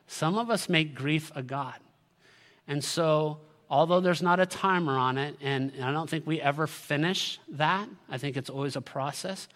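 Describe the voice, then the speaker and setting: A man's voice: fairly high pitch, a bit bright. A man giving a sermon as a pastor, earnest and direct, building to emphatic peaks. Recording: long hall reverb.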